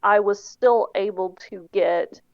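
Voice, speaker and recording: A woman co-hosting a podcast in casual chat, explaining things at length in a relaxed, self-deprecating way. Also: medium pitch, slow pace, no room sound, highs cut off. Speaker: podcast co-host.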